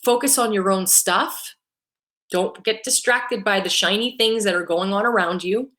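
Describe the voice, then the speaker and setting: A woman's voice: mid-range voice, moderate pace, fairly bright tone. Middle-aged woman, upbeat business coach on a live stream, talks straight to her viewers with an emotional edge. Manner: upbeat, coaching, repeats "right?". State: emotional at times. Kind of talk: live-streamed motivational talk.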